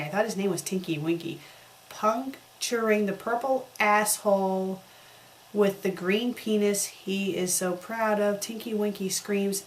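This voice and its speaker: A woman reads a clumsy fan story aloud in an unhurried, drawn-out way, stopping now and then to deadpan a correction of its mistakes. Her voice sits at an ordinary middle pitch, with a faint hiss of noise behind it. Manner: deadpan mocking commentary on spelling errors. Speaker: fanfic critic reading aloud. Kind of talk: comedic dramatic reading with sarcastic asides.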